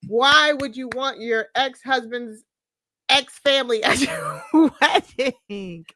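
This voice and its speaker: A woman's voice: high-pitched, takes it slowly, bright, forceful tone, no room sound, studio quality. A woman co-hosting a casual podcast about a TV show, talking expressively and often laughing while she stacks up rhetorical questions. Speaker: podcast co-host. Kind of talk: casual pop-culture chat.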